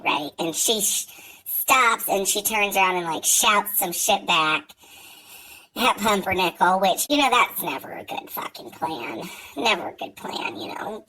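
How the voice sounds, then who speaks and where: A woman vlogger with a bright, forward voice tells a neighborhood story straight to camera. She talks casually and swears freely, with lots of "you know" and "like" along the way. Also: medium pitch, slight background noise, low-quality recording. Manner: chatty, profane, full of fillers and asides.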